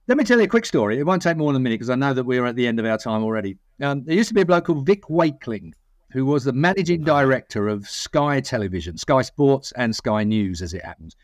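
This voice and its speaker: A man's voice: medium pitch, sing-song, brisk, dry recording, clean studio sound. A middle-aged British man co-hosting a podcast, telling rambling stories and giving strong opinions. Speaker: podcast co-host. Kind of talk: casual chat.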